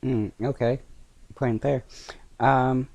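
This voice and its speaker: Brief: male commentator, everyday pitch, dry close recording, reacting to a clip with lots of ums and restarts. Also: little pitch movement, creaky, a little mellow, dry recording, lo-fi sound. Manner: halting, many fillers and restarts, scoffing.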